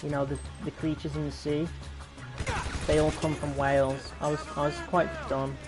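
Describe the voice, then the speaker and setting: Over game music and gunfire, a young British gaming YouTuber rambles casually while he plays and answers his chat. His voice is a little high, with little pitch movement, at a moderate pace.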